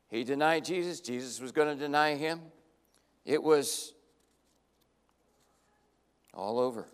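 A high-pitched male pastor delivering a sermon with lively, dramatic storytelling. He acts out the characters' lines in changing voices. His voice rings with a long reverb, as in a large church sanctuary.

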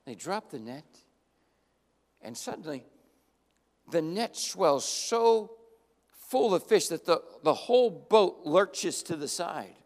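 A high-pitched male pastor delivering a sermon with lively, dramatic storytelling. He acts out the characters' lines in changing voices. His voice rings with a long reverb, as in a large church sanctuary. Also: takes it slowly, long pauses.

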